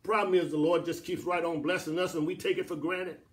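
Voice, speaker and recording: A man preaching a sermon as pastor in a church, building to shouted, repeated lines. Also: fairly high pitch, steady tone, a little fast.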